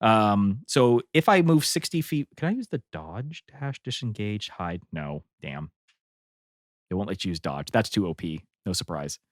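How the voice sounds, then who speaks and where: A man's voice: on the low side, expressive, normal speed, no echo, studio quality. Man puzzling over game moves aloud. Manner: thinks aloud, working out numbers with restarts. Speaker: player. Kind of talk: casual tabletop game chat.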